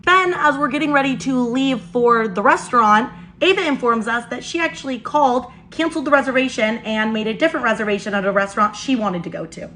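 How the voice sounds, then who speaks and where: Bright, high-voiced young woman telling a story. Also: brisk, slight background noise. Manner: animated, exasperated storytelling. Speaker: vlogger. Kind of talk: storytime while doing makeup.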